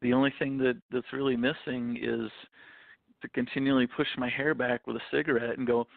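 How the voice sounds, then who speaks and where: Gravelly man chatting over a phone line. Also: medium pitch, little pitch movement, a little fast, no room sound. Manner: jokey, repeats words as he starts. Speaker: guest author. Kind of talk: casual interview chat.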